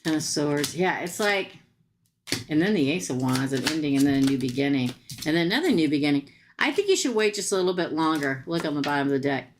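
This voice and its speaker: A woman with a notably low voice reads tarot live for her viewers. She talks casually and bluntly, tossing in slangy asides. A faint hiss sits under her voice. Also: lively intonation, fast talker. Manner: chatty, talks straight to viewers and comments. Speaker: tarot reader. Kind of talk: live-stream tarot reading.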